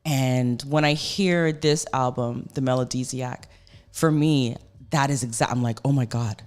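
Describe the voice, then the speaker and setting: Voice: mid-range voice, a little slow. A radio host chatting with guests in a studio, effusive and rambling, with many fillers. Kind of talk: casual radio interview.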